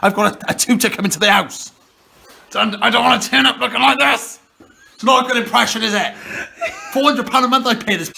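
Gravelly, sarcastic young British man. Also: very high voice, brisk, bright, forceful tone. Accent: British English. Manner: mock-angry and sarcastic. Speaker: prank video regular. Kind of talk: casual prank comedy. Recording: noisy handheld camera audio.

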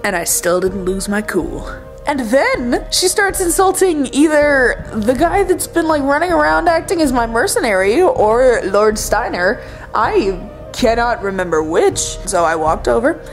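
A young woman tells a story to camera in a loose, casual way. She jokes at her own expense and slips into put-on voices when she quotes people. Soft music plays faintly behind her. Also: a little high, sing-song, unhurried. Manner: jokey and self-mocking. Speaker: LARP vlogger.

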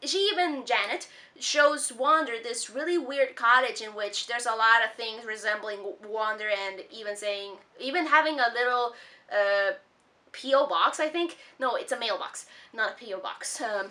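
A woman with a slightly high, sharp-toned voice talks at normal speed, recapping a cartoon episode as a cartoon reviewer in a casual, rambling vlog. She fills it with fillers and laughs, and her voice sounds a bit distant from the mic.

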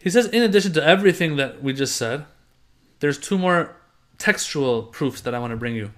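A middle-aged man teaching a religious class, explaining a text with lively emphasis, rhetorical questions and everyday examples. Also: a little high, moderate pace. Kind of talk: explanatory lecture reading from a text.

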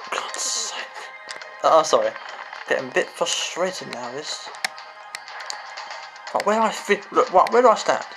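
A man's voice: fairly high pitch, big pitch swings, unhurried, long pauses, poor audio. A man giving frustrated gameplay commentary, swearing and exclaiming. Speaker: gamer. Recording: game music behind the voice.

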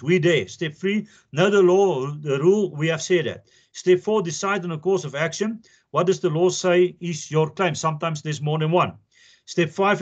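A man's voice: a little high, muffled recording. A man giving a recorded law lecture, talking in a conversational way and repeating his points for emphasis. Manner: repetitive, emphatic, conversational teaching.

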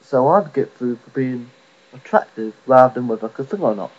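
A man's voice: medium pitch, expressive, brisk, highs cut off. A man ranting to camera in a rambling, sweary, mocking way. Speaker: vlogger. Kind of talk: profane rant to camera.

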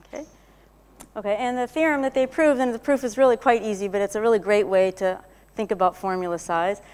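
A woman giving a technical lecture, explaining step by step, often checking with "okay?" and clearing her throat. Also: mid-range voice, steady tone, a little fast, a little mellow. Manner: explanatory, frequent "okay?" checks and self-corrections. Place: lecture hall. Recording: lecture hall reverb.

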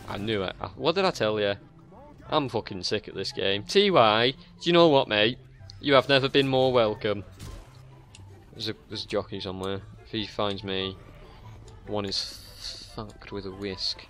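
A drunk young man giving rambling, profane commentary as he plays a video game, now and then breaking into sudden yells. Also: mid-range voice, a little slow, soft background music. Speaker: gaming channel host.

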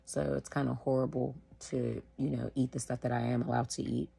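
Wheezing sick woman, gravelly husky voice. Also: a bass voice, flat delivery, warm tone. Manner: tired, slow, filler-heavy. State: sick, wheezing and short of breath. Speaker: vlogger sharing her illness. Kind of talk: casual talk to camera. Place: at home.

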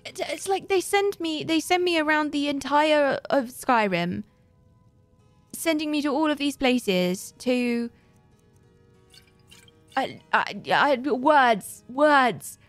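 A woman's voice: high-pitched, slow pace, long pauses, no echo, soft background music. A woman livestreaming a video game, rambling in a playful, self-mocking way to her chat. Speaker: livestreaming gamer. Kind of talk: casual gaming commentary.

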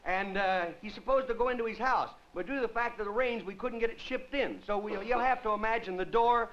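A man's voice: high voice, brisk, a bit bright. A male comedian hosting a TV variety show, rambling goofily through a monologue and tripping over his words on purpose, on a dull, hissy 1950s broadcast. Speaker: comedian host.

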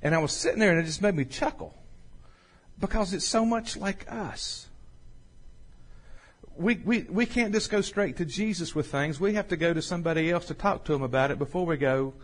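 A man preaching a sermon as pastor, slowing and swelling when he reads scripture. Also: on the high side. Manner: folksy, swells louder and slower on scripture.

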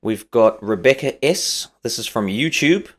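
A man's voice: medium pitch, expressive. A young man with a New Zealand accent co-hosting a casual podcast, joking and rattling off plugs. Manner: jokey, rattles off plugs quickly. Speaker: podcast co-host. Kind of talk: casual chat.

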